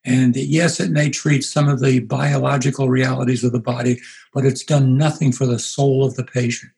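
A man in his eighties, a pastor being interviewed, telling stories in an unhurried way and acting out the voices he quotes. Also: mid-range voice, flat delivery, creaky, darkish tone, a little hiss or hum, low-quality recording. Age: 80s. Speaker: pastor and guest. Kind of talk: reflective storytelling interview.

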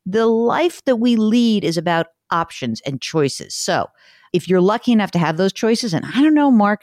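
Blunt, animated woman radio host. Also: fairly low pitch, no room sound, studio quality. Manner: blunt, animated, self-deprecating. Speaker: radio finance show host. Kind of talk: talk radio chat and rant.

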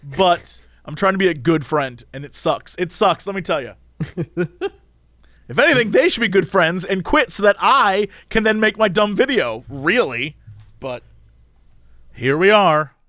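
A man co-hosting a casual podcast chat, animated and playful, mimicking others in quoted voices. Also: high-pitched, unhurried, no room sound, clean studio sound. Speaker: podcast co-host.

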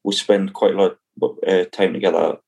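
A man's voice: low-pitched, little pitch movement, fairly quick, darkish tone, husky, lo-fi sound. A young man, a cricketer, chatting casually as podcast co-host in a laid-back way with lots of fillers. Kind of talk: casual chat.

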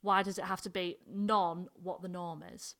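A woman from North Yorkshire with a Yorkshire accent, talking in a casual, animated discussion. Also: lowish voice, moderate pace. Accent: Northern English, Yorkshire. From North Yorkshire, England.

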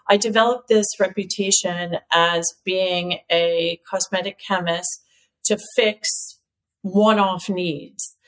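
A woman who is a company CEO and cosmetic chemist, telling stories as an interview guest in a lively way, laughing often and using lots of "like.". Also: medium pitch. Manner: lively storyteller, laughs often, many "like" fillers. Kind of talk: casual chat, telling stories.

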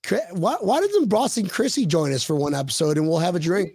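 A man co-hosting a casual sports podcast livestream, excitable, stammering through restarts and reading out viewer comments. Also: sits high, a little fast, slightly rough, no room sound. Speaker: podcast co-host.

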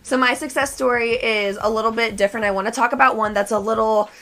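Hoarse young woman, bright voice. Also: a little high, fast. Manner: chatty, tired but energetic. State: losing her voice, hoarse. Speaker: podcast co-host. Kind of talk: casual chat.

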